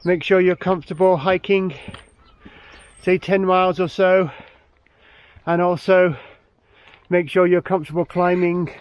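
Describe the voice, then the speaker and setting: A man's voice: high-pitched, steady tone, a little slow, smooth, muffled recording. Slightly breathless man hiking outdoors. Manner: practical, repeats advice, plain instructive talk. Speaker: hiking vlogger. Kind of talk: outdoor vlog with tips to camera. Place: outdoors on a mountain trail.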